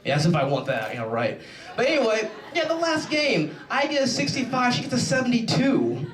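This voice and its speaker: A young adult man doing a rambling, animated stand-up comedy set on a stage. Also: sits high, brisk. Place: show stage in a large room. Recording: echoey room, mic from far off.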